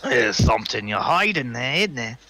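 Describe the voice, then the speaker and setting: A man's voice: medium pitch, very animated, moderate pace, pushed and bright. A man playing a tabletop game, talking in character in a casual, prying way. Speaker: player. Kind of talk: in-character tabletop role-play.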